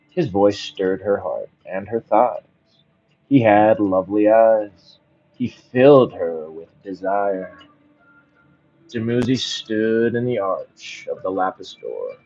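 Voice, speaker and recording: A man with a mellow, fairly low voice reads a bedtime story slowly over dull audio, breaking off every so often to muse on it in a casual way.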